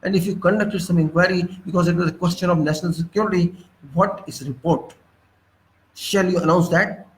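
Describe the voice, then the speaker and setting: Indian English man, high-pitched, indignant political commentator firing rhetorical questions. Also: steady tone, fairly quick, rough recording. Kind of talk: impassioned monologue.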